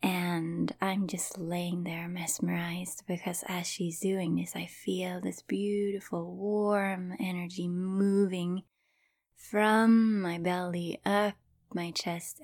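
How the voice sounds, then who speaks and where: A woman with a low-pitched voice hosts her own podcast, telling a personal story in a soft, often whispered way. She speaks slowly and reflectively, and the recording is dry and close. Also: dry recording. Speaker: podcast host.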